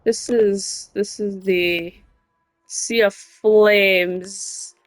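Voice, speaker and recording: A woman's voice: mid-range voice, steady tone, very slow, dry recording, faint music behind. A young woman casually chatting and muttering to herself while playing a game, now and then swearing. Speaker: gaming streamer. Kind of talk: casual gameplay commentary.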